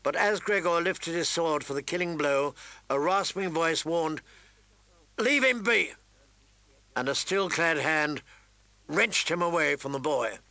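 A man reading a story aloud as narrator, with dramatic emphasis and raised voice for shouted lines. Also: fairly high pitch, unhurried, no room sound. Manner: reads with dramatic emphasis, raising voice for shouted quotes. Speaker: audiobook narrator. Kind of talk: scripted narration.

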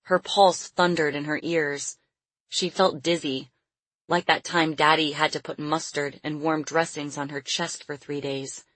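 A woman narrating an audiobook in a steady, measured storytelling manner. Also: sits low, no echo, poor audio.

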